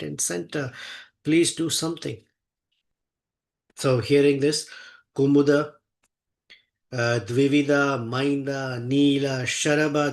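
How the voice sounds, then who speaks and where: A man's voice: medium pitch, gravelly. A man telling a sacred epic in a devotional discourse, chanting Sanskrit verses and then explaining them in English, earnest and emphatic. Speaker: scripture teacher. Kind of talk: devotional scripture storytelling.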